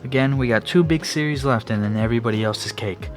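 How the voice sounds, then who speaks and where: A man's voice: mid-range voice, fast. A young man hosting his own sports podcast, talking casually in a rambling way, with frequent restarts and fillers. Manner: yawning at times. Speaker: podcast host. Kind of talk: casual solo sports talk. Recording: faint background music.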